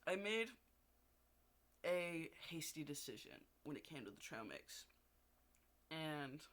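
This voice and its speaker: Bright-voiced young man venting. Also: a little high. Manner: frustrated, swears often, rambling with restarts. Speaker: video diarist. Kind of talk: casual venting diary.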